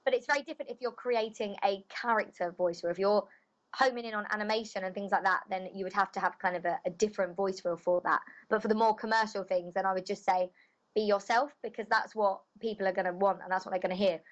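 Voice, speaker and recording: A woman's voice: medium pitch, fairly even intonation, fast, dull audio. A woman voice actress chatting casually in an interview, loose and full of filler phrases. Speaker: voice actress guest.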